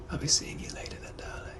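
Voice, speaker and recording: A man voicing a suave, menacing 1800s British gentleman with a British accent, who drawls and flirts in a breathy, often whispered voice for comedic POV role-play. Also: close to an everyday voice. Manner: flirtatious and softly threatening, drawling.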